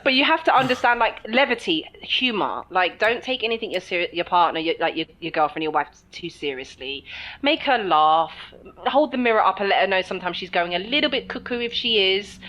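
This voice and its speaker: A woman co-hosting a podcast in casual chat, animated and laughing often as she acts out little voices. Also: medium pitch, brisk, lo-fi sound, slight background noise. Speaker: podcast co-host.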